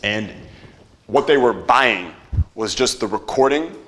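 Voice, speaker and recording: A young man running a live marketing workshop, energetic, quizzing the audience and swearing casually. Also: mid-range voice, unhurried.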